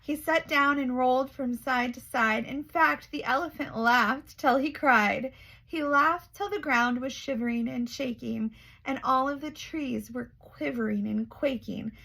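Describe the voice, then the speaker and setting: A woman reading a rhyming children's picture book aloud, expressive and measured. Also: sits high, gravelly, husky, poor audio. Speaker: storyteller.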